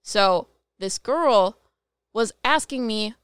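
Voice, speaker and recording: A woman's voice: fairly high pitch, lively intonation, fairly bright tone, clean tone, no room sound, studio quality. A woman co-hosting a chat show as a psychic medium, telling a story in a chatty way, full of fillers. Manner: chatty, many "like" fillers, gets quicker when stressed. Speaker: podcast co-host, psychic medium.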